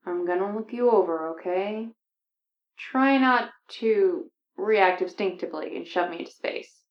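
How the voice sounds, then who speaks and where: A woman reading a fan story voices a weary, gruff male bounty hunter in a low, subdued way. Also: normal speed, natural voice. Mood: gentle. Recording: echoey, dull lo-fi sound.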